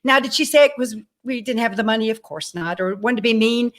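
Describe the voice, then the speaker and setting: Animated woman in her sixties telling stories. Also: on the high side, fairly quick. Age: 60s. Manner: addresses the audience directly. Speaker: guest. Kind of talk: personal storytelling.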